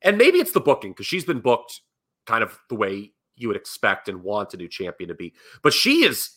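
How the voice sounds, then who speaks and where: Male podcast co-host, bright forceful voice, lively pitch, critical ranting delivery. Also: normal speed. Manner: animated, critical, swearing, rants with emphasis. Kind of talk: casual wrestling podcast chat.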